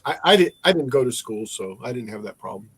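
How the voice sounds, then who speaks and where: A man's voice: medium pitch, lively intonation, fast, husky. A man on a casual show panel, giving brief reactions and reading out viewers' notes. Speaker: panel member.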